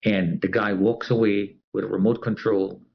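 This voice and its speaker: A man's voice: on the low side, level tone, moderate pace, gravelly, dull audio. A man telling a personal story as an interviewee. He talks animatedly and acts out the other people's voices.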